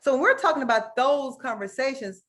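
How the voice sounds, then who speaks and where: A woman's voice: high-pitched, animated, a little fast, a bit bright. A woman teacher giving an earnest, emotional workshop talk over a video call, often checking in with "right?" and calling her audience "guys". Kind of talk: online conference presentation.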